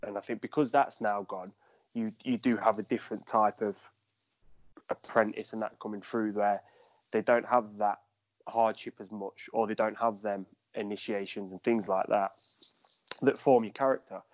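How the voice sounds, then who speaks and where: A man's voice: lowish voice, steady tone, moderate pace, no echo. A man, a footballer guest on a podcast, rambling through anecdotes and laughing as he tells them. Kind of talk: casual storytelling. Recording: dull lo-fi dry sound.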